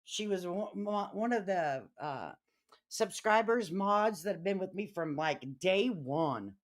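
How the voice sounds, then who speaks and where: A middle-aged woman with a Chicago accent hosts a casual live stream, talking in a brash, profane way and getting riled up and loud. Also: medium pitch, animated, takes it slowly.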